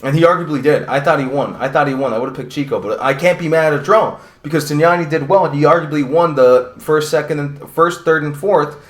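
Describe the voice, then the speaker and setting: A man's voice: fairly high pitch, brisk, hardly any pauses. Male fight commentator, casual and profane, rambling delivery, echoey room. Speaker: combat sports commentator. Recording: roomy echo.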